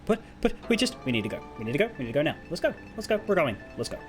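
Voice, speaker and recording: A man doing a coldly calm ruthless warlord. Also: mid-range voice, normal speed, soft background music, lightly acted. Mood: urgent. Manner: flat, curt, matter-of-fact.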